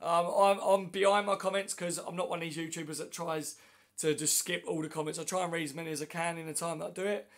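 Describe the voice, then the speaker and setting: A livestream host with a hoarse, flu-worn voice chats matily with fans over his phone, working through viewer comments one at a time. His pitch sits fairly high with little movement, and he talks fast.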